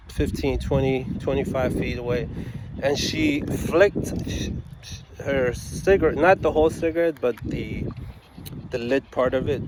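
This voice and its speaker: Man, casual rambling storyteller with lots of restarts, mid-pitched, light traffic noise behind him. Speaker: attorney and vlogger telling a story.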